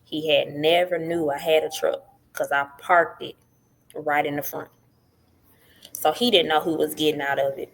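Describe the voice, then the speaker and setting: A middle-aged woman appears as a podcast guest, telling her story in casual, animated talk and acting out what others said. Her voice is low-pitched and she speaks at normal speed.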